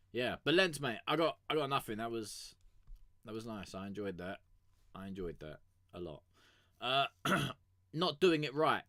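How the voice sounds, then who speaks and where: A man chats through his music reviews in a fairly low voice. He rambles, swears freely and often trails off mid-thought. The sound is dry and close, with no room echo. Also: a bit bright. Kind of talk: casual live-stream commentary.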